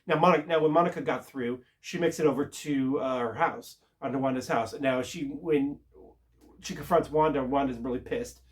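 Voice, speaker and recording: A man casually recapping a TV episode, rambling and halting with lots of filler words. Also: mid-range voice. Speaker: TV show reviewer.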